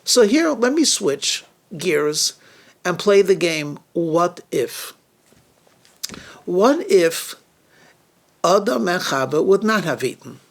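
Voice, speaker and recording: A male rabbi delivering a storytelling sermon, deliberate and questioning, with halting restarts now and then. His voice is fairly high and he speaks slowly, drawing out his points. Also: big pitch swings, creaky.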